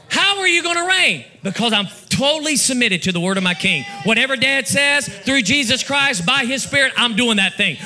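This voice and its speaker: A man preaching a fervent sermon in a church, building to shouts and breaking into tongues. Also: very high-pitched. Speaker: pastor. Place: church sanctuary.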